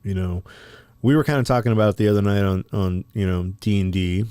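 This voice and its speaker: A man's voice: fairly low pitch, fast, mellow, smooth, no echo. A man co-hosting a podcast, telling a story in a rambling, casual way full of fillers and profanity. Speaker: podcast co-host.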